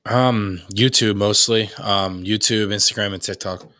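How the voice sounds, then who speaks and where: A young adult man, a stand-up comedian guest on a podcast, chatting in a laid-back way with swearing and quick stories. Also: fairly low pitch, steady tone, bright, forceful tone, dry recording, studio quality. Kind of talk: casual podcast chat.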